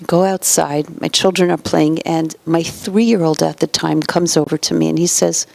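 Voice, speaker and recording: A woman giving a parenting lecture in numbered points, acting out quoted parents and children and often dropping to a soft whisper. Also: fairly low pitch, steady tone, normal speed, creaky, few pauses, no echo. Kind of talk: motivational lecture.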